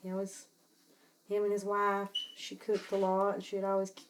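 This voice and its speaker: A middle-aged woman with a gentle Southern twang reminisces about her childhood, her pitch sitting right in the ordinary middle. She rambles fondly from one memory to the next, in plain, homespun talk. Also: monotone, normal speed, slight background noise. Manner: nostalgic, rambling storytelling. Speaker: interviewee, the filmmaker's mother. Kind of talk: casual reminiscing.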